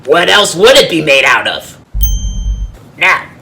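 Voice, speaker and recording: Someone doing Boney, a cheerful host reading little stories from a storybook. The voice is bright and a little husky, with lively ups and downs. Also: mid-range voice, takes it slowly, faint music behind, exaggerated voice.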